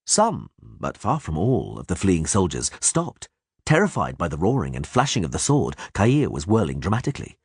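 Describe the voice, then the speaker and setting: A man narrating an audiobook in a lively, dramatic reading style. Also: deep voice, moderate pace, breathy edge, no echo, clean studio sound. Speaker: audiobook reader.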